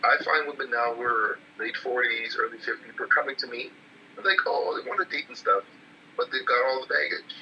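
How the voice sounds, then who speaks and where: A man's voice: medium pitch, brisk, highs cut off, a little hiss or hum. A middle-aged man calling in as a guest and speaking bluntly in casual talk. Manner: blunt, outspoken. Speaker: call-in guest.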